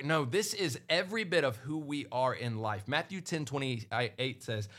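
A man hosting a casual Christian podcast, talking earnestly and hitting his points hard with loud peaks. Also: on the high side, animated, a little slow, hardly any pauses. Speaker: podcast host.

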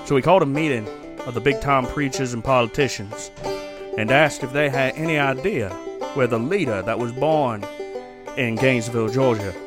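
A drawling Southern storyteller reading scripture out loud, put on by a man. He speaks at a middling pitch, and his phrasing is folksy and unhurried. The voice is louder than his everyday talk. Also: music in the background, lightly acted. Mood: storytelling.

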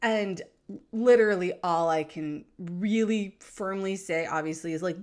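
A woman's voice: medium pitch, unhurried. A woman hosting a podcast, chatting in a bubbly, enthusiastic way that rambles with fillers. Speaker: podcast host.

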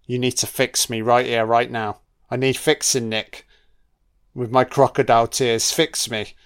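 Man doing a sultry fake-teary woman, hushed and mocking, mid-range pitch. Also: level tone, measured pace, clear, resonant tone, close to an everyday voice. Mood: mocking seductive. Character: seductive woman faking tears, pleading.

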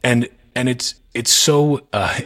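A man's voice: mid-range voice, takes it slowly, a bit bright. A man hosting a podcast, talking in an earnest, reflective way with frequent restarts in casual conversation. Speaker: podcast host.

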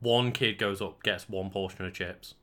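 Brief: young man, bright forceful voice, blunt sweary podcast co-host. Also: low-pitched, fairly even intonation. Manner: quick reactions, blunt swearing. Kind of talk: casual chat.

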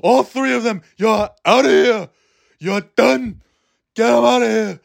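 A man in his forties voicing a gruff, impatient old professor with a thick New York accent. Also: unhurried, exaggerated voice. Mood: dismissive. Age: 40s. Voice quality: barking, high-pitched.

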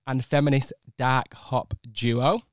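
A man's voice: medium pitch, steady tone, takes it slowly, no echo. A man with a Manchester accent hosting a podcast in a studio, playful and teasing in casual chat. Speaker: podcast host.

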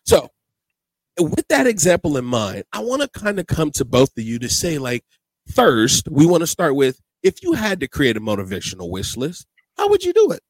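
Podcast host guy, lively up-and-down voice, rambles a bit, dry close mic. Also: on the high side, normal speed, no echo. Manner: animated, rambling storyteller. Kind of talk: casual podcast chat.

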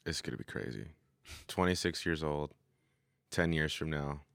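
Young guy hosting a podcast, super deep smooth voice, chill rambly slang talk. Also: moderate pace, no echo, clean studio sound. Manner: laid-back, rambling, slangy, trails off quietly. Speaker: podcast host. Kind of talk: casual podcast chat.

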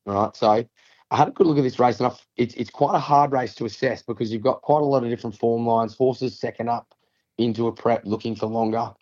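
A man's voice: mid-range voice, fairly even intonation, brisk, a little mellow, highs cut off. An Australian man co-hosting a casual racing tips podcast, working through form lines at length with fillers and restarts. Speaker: racing tipster co-host.

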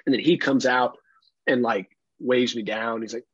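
A man's voice: medium pitch, fairly even intonation, normal speed, breathy edge, no echo, lo-fi sound. A man co-hosting a podcast who tells stories in a casual chat, acting out other people's lines, laughing often and swearing casually. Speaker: podcast co-host.

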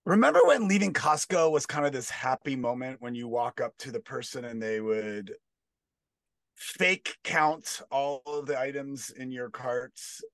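Deadpan man in a dry room. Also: medium pitch, measured pace, no echo. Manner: deadpan, rambling asides. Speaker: comedian. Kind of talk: stand-up comedy bit.

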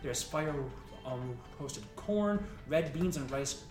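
A man narrating a tabletop game as game master, in a lively storytelling manner. His voice sits a bit back from the mic in an echoey room, with music running underneath. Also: on the high side, slow pace, recorded from a distance.

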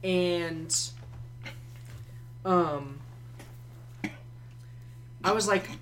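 A man's voice: fairly high pitch, normal speed, a bit bright, a little hiss or hum. A man in his twenties telling a story in casual, profane podcast chat. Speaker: podcast guest.

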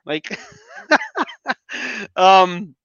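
A man in casual podcast chat, telling stories in an animated way, repeating words and swearing now and then. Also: high voice, extremely slow, no echo, muffled recording. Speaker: podcast guest.

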